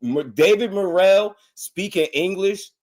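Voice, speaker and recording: A man giving casual boxing commentary on a live stream, slangy and animated, laughing often. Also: high voice, unhurried.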